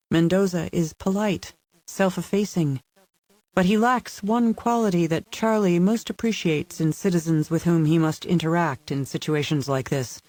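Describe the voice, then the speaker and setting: A man's voice: high voice, a little mellow, no echo. Man narrating a thriller audiobook. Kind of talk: scripted narration.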